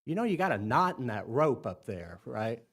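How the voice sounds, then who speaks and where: A man's voice: mid-range voice, big pitch swings, normal speed, fairly bright tone. A man voicing a puzzled, nerdy male engineer in a joke, mumbling in a matter-of-fact way.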